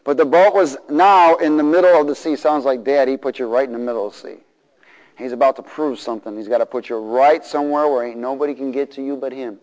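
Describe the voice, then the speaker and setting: A man's voice: medium pitch, fast talker. A middle-aged man preaching a sermon, calling for responses from the congregation and acting out the voices of people in the story. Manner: animated, call-and-response, acts out voices. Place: church hall. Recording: long reverb of a large hall.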